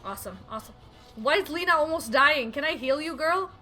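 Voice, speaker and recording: A young woman streaming a game, reacting with excitable, squealing exclamations and reading the dialogue aloud. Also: sits high, brisk, soft background music, low-quality recording.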